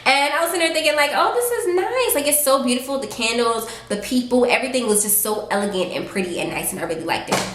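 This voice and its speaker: Woman sassy, animated storyteller. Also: a little high, fast, few pauses. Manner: animated, sassy storytelling with lively acted quotes. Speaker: vlogger. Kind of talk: casual storytime. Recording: roomy echo.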